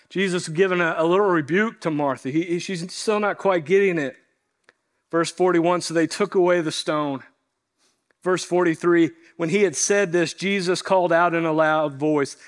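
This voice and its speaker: High-voiced preacher man, earnest and deliberate. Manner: earnest storytelling preacher, slows for emphasis. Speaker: pastor. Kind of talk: sermon.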